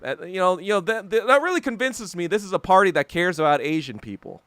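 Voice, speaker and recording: A man's voice: sits high, expressive, fast talker, hardly any pauses, a bit bright, no echo, studio quality. A man hosting a podcast alone, ranting in a heated, profane, emphatic way. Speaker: podcast host. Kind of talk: solo ranting commentary.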